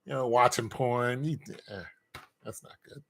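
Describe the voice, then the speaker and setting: A man's voice: mid-range voice, steady tone, measured pace, a bit bright. A man speaking in a casual monologue, rambling and candid, joking about himself and laughing often.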